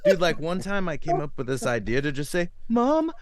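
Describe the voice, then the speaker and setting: Man, podcast co-host, brash crude storyteller, swooping lively delivery. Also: on the high side, fairly quick, a loud crowd. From Massachusetts. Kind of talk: casual chat.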